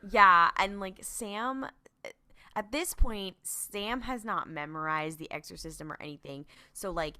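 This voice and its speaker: Bright-voiced young woman chatting. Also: medium pitch, a little slow, clean tone. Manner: animated, acts out characters' lines. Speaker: podcast co-host. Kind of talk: casual recap chat.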